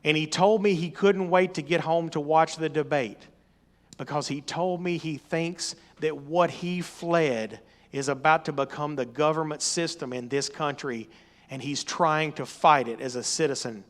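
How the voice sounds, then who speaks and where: A middle-aged man preaching a sermon, emphatic and rising to loud exhortation. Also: fairly high pitch, steady tone, unhurried. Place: church or meeting hall.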